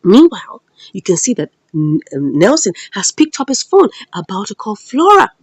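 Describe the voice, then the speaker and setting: A woman's voice: mid-range voice, very animated, moderate pace, slightly rough, no echo. A woman giving a dramatic, laughing recap of a drama series episode and acting out the characters' lines. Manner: dramatic, laughing, acts out the quotes. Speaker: series reviewer.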